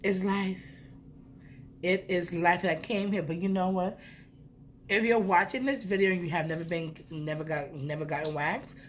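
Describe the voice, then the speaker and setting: A woman's voice: fairly low pitch, slight background noise. A young woman, telling a playful storytime vlog with swearing. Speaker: vlogger. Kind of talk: casual storytime.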